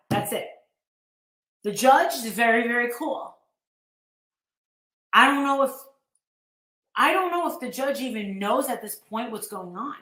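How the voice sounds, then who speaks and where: A woman's voice: on the high side, reverberant. A woman telling a story in a casual way, acting out the dialogue she quotes. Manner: animated, acts out quoted dialogue. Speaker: live-streamer recounting events.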